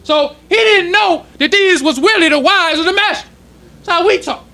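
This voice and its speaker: High, bright-voiced male minister preaching. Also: vocal fry. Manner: preaching in casual street-level speech, slowing to read quoted passages. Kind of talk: sermon teaching. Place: temple congregation hall.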